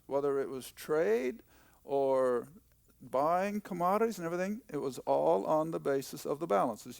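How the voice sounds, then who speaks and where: Slow, gravelly older teacher. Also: male voice, on the high side, a little mellow, dry recording. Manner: folksy, emphatic, repeats key points. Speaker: Bible teacher. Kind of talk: conversational Bible teaching.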